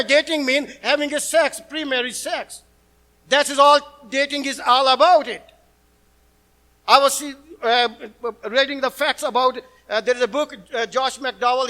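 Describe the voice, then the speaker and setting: High-pitched, bright-voiced male preacher. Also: rough recording. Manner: earnest, blunt preaching with broken non-native English phrasing. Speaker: pastor. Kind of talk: sermon.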